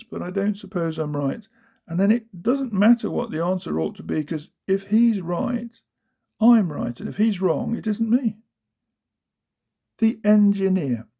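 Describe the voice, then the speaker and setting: A man's voice: fairly high pitch, creaky, dark tone, breathy edge, dull audio. A man giving a rhythmic, sing-song storybook reading of children's poems. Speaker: reader of children's verse.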